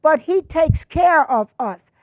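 A woman's voice: high-pitched, animated, takes it slowly, dry recording, studio quality. A woman giving an informal sermon in a conversational, rambling way, acting out the voices of people she quotes. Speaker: Bible teacher.

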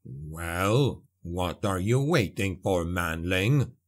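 A man voicing a huge, gruff, one-eyed dwarf warrior who growls and snarls with contempt. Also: low-pitched, expressive, very slow, voice pushed down, heavily acted.

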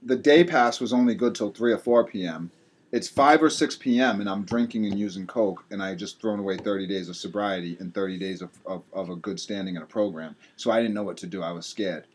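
A man's voice: fairly low pitch, brisk, slightly rough. A man from Rhode Island, a podcast guest, telling his story candidly and animatedly, acting out what others said. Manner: animated, acts out other people's lines.

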